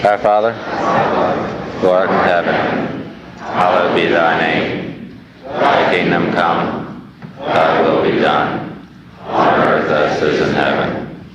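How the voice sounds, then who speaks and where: A man's voice: a bass voice, little pitch movement, slow pace, long pauses, lo-fi sound. A man chairing a meeting, giving plain closing announcements with some hesitation and leading a prayer, recorded on an old tape. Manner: plain, a little hesitant with fillers. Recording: old tape with crowd and loud noise.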